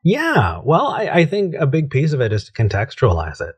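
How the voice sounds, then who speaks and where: A man's voice: medium pitch, wildly swooping pitch, moderate pace, slightly rough. A man hosting a call-in show, giving easygoing advice and thinking aloud with frequent restarts.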